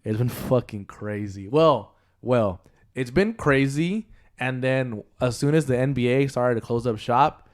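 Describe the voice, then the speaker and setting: Male co-host, casual podcast chat, animated storyteller, mid pitch. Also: a little slow. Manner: animated storytelling, acts out quoted voices. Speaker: grocery store worker.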